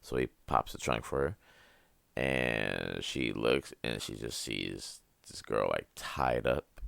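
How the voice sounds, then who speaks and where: A young podcast host with a very deep, rumbling, gravelly voice rants his way through a casual monologue. He rambles, swears freely, and laughs at his own jokes, speaking slowly with a slightly bright tone. The recording is dry and close, with no room echo.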